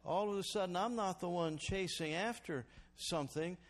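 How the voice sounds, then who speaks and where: A man preaching as a pastor calls for responses from the congregation, swinging between loud exhortation and quiet reflection. His voice is high-pitched and his speed normal.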